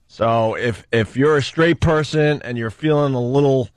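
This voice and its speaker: A man's voice: medium pitch, normal speed, no echo. Joking guy hosting radio, laughs a lot, dead dry studio sound. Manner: wisecracking, laughs often. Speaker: radio show host. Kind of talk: comedic radio banter.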